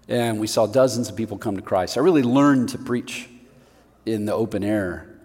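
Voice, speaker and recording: A middle-aged male preacher telling a personal story in a sermon, animated and self-mocking. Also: fairly low pitch, normal speed, slightly rough. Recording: long reverb of a large hall.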